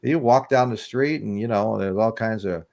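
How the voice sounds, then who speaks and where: A man's voice: fairly low pitch, moderate pace, vocal fry, darkish tone. Rambling older man hosting a livestream. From United States. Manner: rambling storyteller, chuckling, greets chat viewers. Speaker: livestream podcast host. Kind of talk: casual livestream chat.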